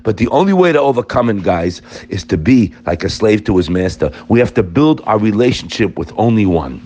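Animated man giving an emphatic Torah class. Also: lowish voice, fairly quick. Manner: animated and emphatic, addressing listeners directly.

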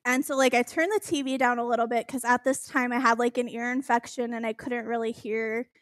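Animated young woman telling a story. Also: a little high, brisk, no room sound, studio quality. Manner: animated, swearing, laughing storyteller. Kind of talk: casual podcast storytelling.

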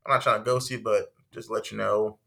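Give me a man playing a smooth British guy on a dating app, sent up mockingly. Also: lowish voice, little pitch movement, fast talker, bright, forceful tone. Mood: blunt. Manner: mocking, exaggerated impression.

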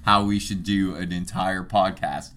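A man's voice: deep voice, steady tone, unhurried, fairly bright tone. A man co-hosting a podcast, chatting casually with a joking, sarcastic manner. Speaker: podcast co-host. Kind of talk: casual chat.

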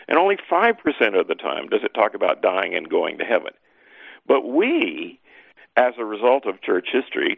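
A man giving a lively, emphatic teaching talk as a guest scholar, leaping up in pitch to stress his points. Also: gravelly, dry recording, narrow, tinny audio.

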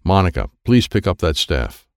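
A man's voice: sits low, sing-song, normal speed, no echo, studio quality. A man voicing a stern, patient male karate master who gives firm, instructive commands. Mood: firm instructing.

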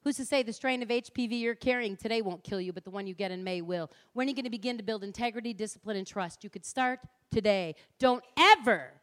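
In a lecture hall, a middle-aged woman gives a passionate public lecture, punchy and direct, acting out the people she quotes. Her voice is on the high side and a bit bright, moving at a quick pace with few pauses.

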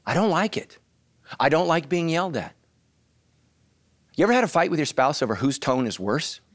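Male pastor, lively swinging delivery, dry close sound, sermon with loud outbursts. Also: fairly high pitch, normal speed, no echo. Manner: animated, bursts into loud acted shouts. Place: church.

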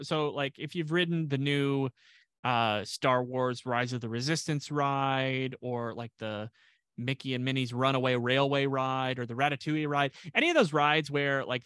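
A man's voice: medium pitch, sharp tone, clear, resonant tone, dry recording. A man co-hosting a podcast in casual chat, rambling with lots of restarts and dry jokes. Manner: rambling, restarts a lot, self-deprecating jokes. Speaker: podcast co-host.

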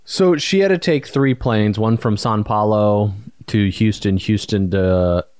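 A man's voice: on the low side, a little slow, a little mellow, clear, resonant tone, no echo, studio quality. A man co-hosting a podcast, chatting casually in an easygoing, joking way. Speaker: podcast co-host. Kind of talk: casual chat.

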